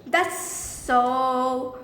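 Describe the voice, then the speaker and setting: A woman's voice: high-pitched, extremely slow, a bit bright, reverberant, slight background noise, full character voice. A woman voicing a stern male school principal who scolds with demanding questions. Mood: scolding.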